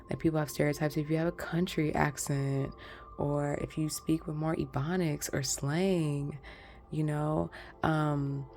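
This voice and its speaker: A woman's voice: low voice, creaky, a little mellow. A woman giving a casual pick-a-card tarot reading, talking in a rambling, chatty way straight to her viewers. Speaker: tarot reader.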